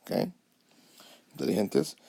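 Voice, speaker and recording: A man's voice: moderate pace, dark tone. A man teaching a Spanish lesson over a whiteboard app, patiently checking understanding with frequent "okay?" and "alrighty?". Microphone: tablet mic over whiteboard app.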